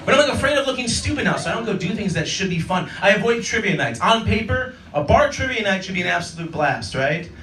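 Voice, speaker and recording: High-voiced animated man doing stand-up. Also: quick pace, hardly any pauses, a little hiss or hum. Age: 30s. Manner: animated, acts out characters in silly voices. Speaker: stand-up comedian. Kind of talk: stand-up set. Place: comedy club stage. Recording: roomy club audio from a distance. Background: audience laughter.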